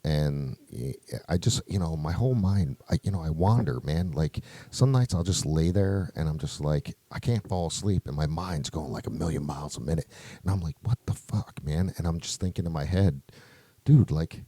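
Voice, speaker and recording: Deep-voiced man in casual swearing chat. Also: lively intonation, brisk, hardly any pauses, warm tone, no echo. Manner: rambling, loose, swears often. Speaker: podcast co-host.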